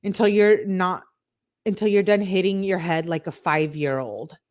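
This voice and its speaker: A woman's voice: fairly low pitch, normal speed, a little mellow. A woman hosting a true crime channel, reading text messages aloud in a casual way and breaking off for chatty asides full of fillers.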